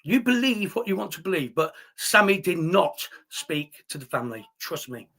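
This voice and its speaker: A man's voice: a little high, big pitch swings, normal speed, creaky, fairly bright tone. A man hosting a live stream, answering viewer chat in heated, indignant talk with plenty of swearing. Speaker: livestream host reading viewer chat.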